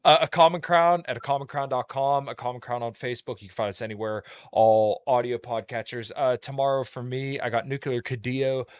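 A man's voice: medium pitch, fairly quick, few pauses, clean tone, dry recording. A man, a musician and podcast host, plugging his work in a casual, rambling way full of fillers. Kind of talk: casual chat.

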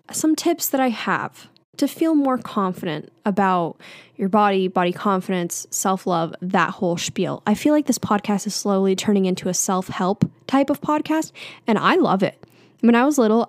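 A woman's voice: mid-range voice, darkish tone, no echo. Chatty young woman, dry close mic. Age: young adult. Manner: chatty and candid, with frequent fillers and laughs. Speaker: podcast host. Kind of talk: casual solo podcast chat.

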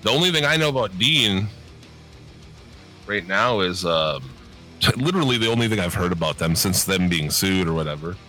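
A man co-hosts a casual podcast, talking in a low voice with a bright, forceful edge. He rambles, swears often, and leans on fillers. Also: lively intonation, normal speed, soft background music. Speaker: podcast co-host. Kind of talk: casual chat.

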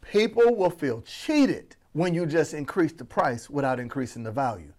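Animated man coaching with playful energy. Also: a little high, normal speed. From Florida. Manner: animated, playful, addresses audience as family. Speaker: business coach. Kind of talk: energetic motivational teaching.

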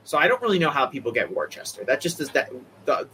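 A man from the Boston area with a Boston accent, co-hosting a casual wrestling chat, animated and opinionated. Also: a little high, fast, a little hiss or hum, low-quality recording. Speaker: podcast co-host.

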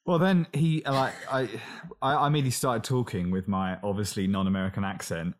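A man's voice: on the low side, a little fast. A man with a London accent chatting casually on a podcast, telling stories and acting out the people in them. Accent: London English. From England. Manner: animated storyteller, acts out quotes. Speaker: podcast co-host. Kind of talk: casual chat.

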